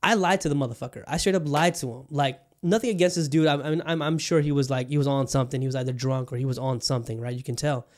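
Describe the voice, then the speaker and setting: Talking fast with few pauses, a medium-pitched man in his thirties from Bangladesh hosts a podcast and rambles through a casual story. Profanity and filler words come up constantly.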